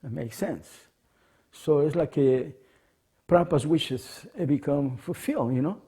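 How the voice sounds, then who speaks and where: A man from Mexico, calmly telling a personal memory. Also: on the high side, unhurried, husky. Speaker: devotee recalling memories. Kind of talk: personal reminiscence.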